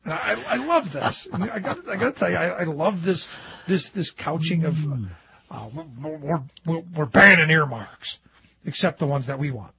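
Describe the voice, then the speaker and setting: A man hosting a political talk show, animated and sarcastic, often mocking others in a put-on voice. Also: fairly high pitch, normal speed, vocal fry, breathy edge, no echo. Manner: animated and sarcastic, mimicking opponents in quotes. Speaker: talk radio host. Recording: dull lo-fi dry studio sound.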